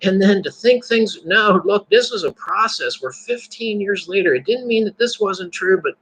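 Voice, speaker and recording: Husky, bright-voiced man talking candidly. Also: high voice, normal speed, rough recording. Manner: candid and animated, swears and laughs often. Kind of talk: casual talk about faith.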